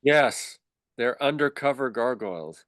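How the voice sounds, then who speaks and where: A man playing in a tabletop game, hesitant when asking and quick to joke. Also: medium pitch, lively intonation, fairly bright tone, no echo. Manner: hesitant, joking. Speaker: player. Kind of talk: casual chat.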